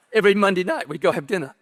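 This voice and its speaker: A tearful middle-aged pastor with a drawl talks in a slightly high voice, stopping and restarting as his voice cracks. His words ring out with a long reverb across a large hall. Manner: halting and tearful, with many restarts and soft laughs. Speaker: pastor being interviewed. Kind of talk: emotional personal story on stage. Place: stage at a large pastors' gathering.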